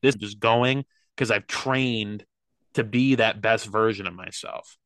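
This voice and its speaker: A man's voice: on the low side, measured pace, fairly bright tone, dry recording. A young man talking earnestly and rambling with lots of fillers in a casual podcast chat. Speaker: podcast guest, athlete.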